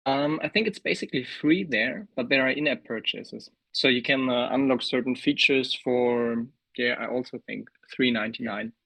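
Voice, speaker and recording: A man being interviewed as a guest developer, talking in a relaxed, hesitant way with plenty of fillers. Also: mid-range voice, normal speed, gravelly, few pauses, poor audio. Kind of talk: casual interview over a call.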